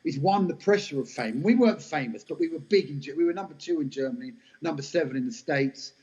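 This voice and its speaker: A middle-aged guest actor tells stories in a casual interview, speaking fast in a slightly high voice. He's animated, anecdotal and self-mocking, and the podcast audio sounds dull and lo-fi.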